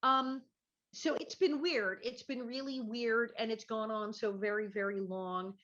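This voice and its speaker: A woman's voice: a little high, steady tone, a little slow, fairly bright tone. Brief: woman comedian, chatty and self-deprecating, lo-fi home video call sound. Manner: chatty, self-mocking, restarts often. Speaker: guest, actor and comedian. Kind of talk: casual video chat. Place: her living room at home.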